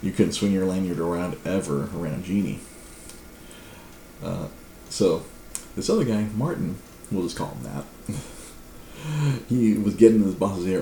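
A man's voice: deep voice, normal speed, pauses often, echoey room, slight background noise. A man streaming, casually telling a rambling story to his live chat with many restarts. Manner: rambling, frequent restarts, laughs, lively.

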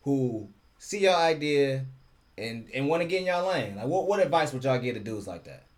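A man's voice: medium pitch, animated. A man hosting a casual podcast interview, joking around and firing off questions. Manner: jokey, asks quick questions, laughs often. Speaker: podcast host.

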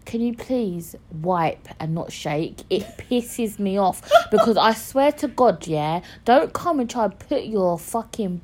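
A woman's voice: medium pitch, expressive, slow pace, few pauses, a little mellow. A woman hosting a podcast, chatting frankly and crudely with lots of giggling. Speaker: podcast host. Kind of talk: casual chat.

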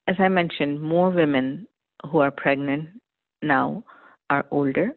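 A woman's voice: low-pitched, no echo. Middle-aged woman, physician guest, earnest, emphatic, phone-quality audio, dry. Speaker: cardiologist guest. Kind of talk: medical interview answers. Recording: dry tinny phone line.

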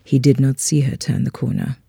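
A reader telling a literary short story aloud in an unhurried, measured way. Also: mid-range voice, flat delivery, vocal fry, warm tone, breathy edge, dry recording.

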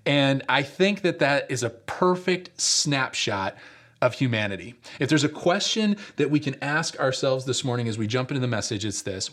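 A man's voice: mid-range voice, lively intonation, moderate pace, a bit bright. A man from upstate New York giving a sermon as a pastor, telling a story in a conversational way with frequent fillers and repeating rhetorical questions.

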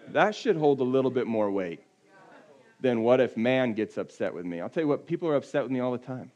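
A man preaching in a loose, conversational way, with a voice of ordinary pitch. He often sinks to a low, quiet tone to press a point. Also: expressive, fairly quick, dull audio. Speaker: pastor. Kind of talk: sermon.

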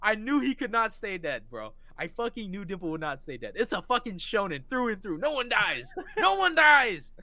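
A man co-hosting a podcast, retelling a story in casual chat with excited energy and lots of swearing. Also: high-pitched, a little fast, hardly any pauses, no room sound. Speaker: podcast co-host.

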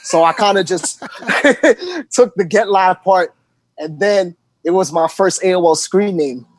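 A man who is a DJ guest, talking in a relaxed way with frequent ums and laughs. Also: sits high, a little slow, dry recording. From New York. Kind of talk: casual chat.

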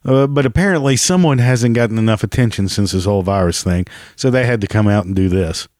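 Reaction vlogger, male, low and dry, heavy sarcasm and cursing. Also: fast talker, darkish tone, no room sound. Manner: sarcastic and profane. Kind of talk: casual reaction commentary.

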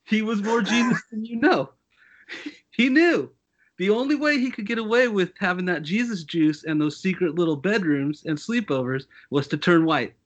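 A man's voice: high-pitched, animated, normal speed, lo-fi sound. A man who is a school teacher and musician, a guest in a casual podcast chat, talking with sarcastic emphasis.

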